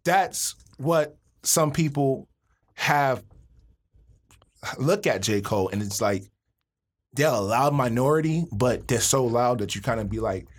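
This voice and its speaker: A man co-hosting a podcast in casual chat, opinionated and animated, full of slang and repeated words when he gets going. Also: medium pitch, unhurried, long pauses. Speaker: podcast co-host.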